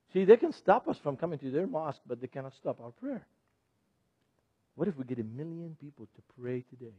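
Man, sermon-style teaching, husky voice, animated, asks the audience questions, dry lo-fi sound. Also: a little high, dry recording. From Lebanon. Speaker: ministry speaker. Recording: dull, dry lo-fi recording.

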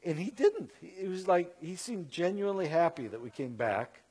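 A man telling a story to an audience in an animated, conversational way, with many fillers and asides. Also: high-pitched, moderate pace, breathy edge. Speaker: Christian speaker. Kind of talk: storytelling talk.

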